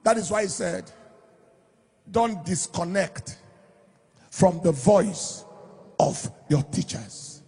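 A pastor preaching with real force, his voice high-pitched and rough with gravel. It sounds very husky and strained, and he swings from quiet asides to loud, sing-song emphasis. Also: lively intonation, slow pace, pauses often. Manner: emphatic preaching, shouting and lilting on key phrases. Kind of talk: sermon.

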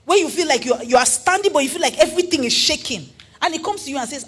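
A woman preaching a sermon in an earnest, animated way, asking her listeners questions. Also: high-pitched, rapid-fire, a little hiss or hum.

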